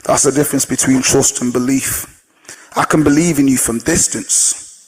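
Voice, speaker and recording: A man who trains older people, giving an energetic motivational talk to a live audience, telling stories and putting questions to the crowd. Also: medium pitch, normal speed, slightly rough, poor audio. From Jamaican heritage. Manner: energetic storyteller, asks the audience questions, sings snatches of songs.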